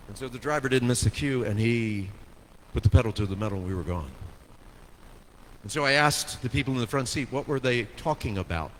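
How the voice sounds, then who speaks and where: A man preaching a sermon, telling a story with dramatic swings from hushed to soaring delivery. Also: mid-range voice, brisk. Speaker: pastor. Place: church sanctuary. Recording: long hall reverb, faint noise.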